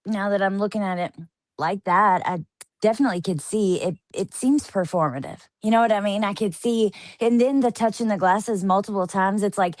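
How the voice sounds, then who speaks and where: A woman's voice: mid-range voice, normal speed, darkish tone, no echo. A woman hosting a casual chat, reacting to her guest with eager agreement.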